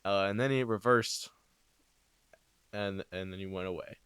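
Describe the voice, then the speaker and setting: Brief: young male narrator, deadpan, rambling, crude improv, home mic. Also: deep voice, unhurried, clean tone, dry recording. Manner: rambling, deadpan, swearing, ad-libbed. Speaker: amateur parody narrator. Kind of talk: improvised crude mock storytelling. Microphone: new home microphone.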